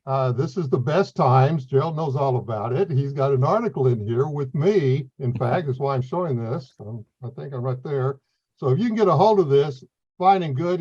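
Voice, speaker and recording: A man's voice: mid-range voice, darkish tone. A man coordinating veteran mentors, earnestly explaining their role in an interview with plain talk and fillers. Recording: slightly dull, lo-fi sound.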